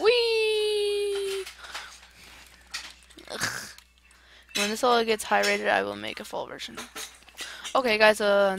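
A woman hosting a let's-play video, swearing and shouting in excitable outbursts as she plays. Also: medium pitch, creaky, background noise. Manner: loud, profane, excitable outbursts. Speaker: gaming channel host.

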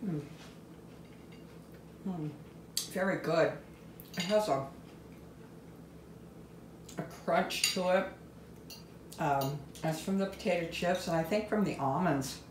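Older lady w a low voice, homey cooking chat, talks w her mouth full, echoey kitchen, bit of noise. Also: takes it slowly, long pauses. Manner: homey and chatty, talks while tasting food. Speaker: home cooking channel host. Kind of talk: casual cooking demonstration. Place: home kitchen.

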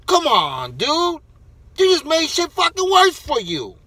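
High-voiced man in a profane rant. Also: huge pitch swings, slow, sharp tone, no room sound. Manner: profane, heated, rambling. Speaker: wrestler vlogger. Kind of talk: ranting to camera.

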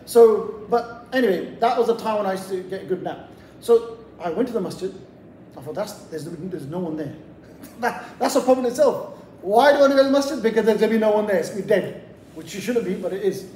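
A man's voice: high-pitched, a little fast, dark tone, slight background noise. A man from England giving a motivational lecture to young people in a community hall, telling a casual story with lots of asides. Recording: echoey hall, voice heard from a distant mic.

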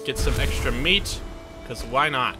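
With music playing underneath, a gaming channel host jokes at his own expense while showing off his game base in a playful, chatty let's play. He speaks in a mid-range voice and a little slowly.

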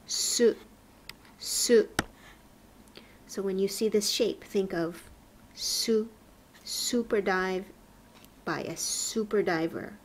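A woman teaching a Japanese lesson in a slow, clear classroom manner, patiently repeating each sound distinctly. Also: medium pitch, slight background noise.

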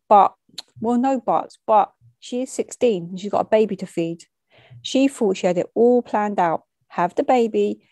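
A woman reading a short story aloud, measured and matter-of-fact, dropping street slang into the narration. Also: medium pitch, warm tone, dry recording.

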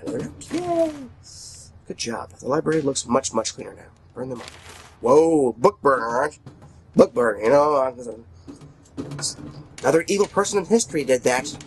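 A man giving casual, excitable commentary while playing a video game, swearing often and sometimes dropping to a whisper. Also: mid-range voice, moderate pace, pauses often, slight background noise. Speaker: gameplay commentator.

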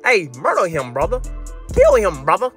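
A young man commentates his basketball video game for his chat in a high, bright, sharp-edged voice. He trash-talks loudly and slips into a sing-song lilt. Faint game music runs underneath. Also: moderate pace. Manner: loud, animated trash talk to chat, sometimes sing-song. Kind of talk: hyped gameplay commentary.

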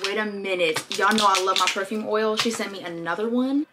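A young woman vlogging an unboxing in a casual, gushing, excitable way, filling her talk with "like". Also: mid-range voice, a little fast, background noise. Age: young adult. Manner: gushing, excitable, says "like" often.

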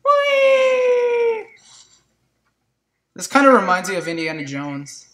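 A gameplay commentator chatting to viewers in a let's play, excitable and prone to yelps and shrieks at surprises. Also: medium pitch, a little slow, distant mic, poor audio. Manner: chatty, talks to viewers as "guys".

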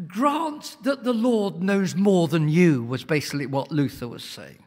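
A man preaches to a congregation in a high, gravelly voice. He pushes his points hard and sometimes nearly shouts. Long reverb rings around him in the church hall. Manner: emphatic, swells to near-shouts, asks the congregation questions. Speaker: guest preacher. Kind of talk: sermon.

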